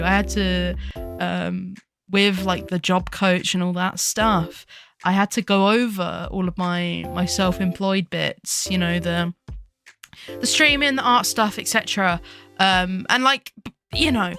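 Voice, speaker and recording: A young woman chatting casually on a live stream, rambling from topic to topic, giggling often and greeting her chat excitedly. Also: mid-range voice, unhurried, soft background music. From United Kingdom. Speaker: VTuber streamer.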